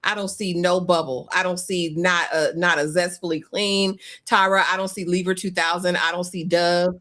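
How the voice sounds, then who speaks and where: A woman's voice: on the low side, flat delivery, moderate pace, fairly bright tone. Emphatic woman ranting in long lists. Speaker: co-host. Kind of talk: casual review chat.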